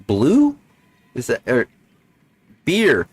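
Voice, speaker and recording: A man livestreaming a video game, chatting on his desk mic in a sarcastic, jokey, rambling way. His voice sits at an ordinary middle pitch. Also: lively intonation, a little slow, no room sound. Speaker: streamer. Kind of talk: casual game commentary.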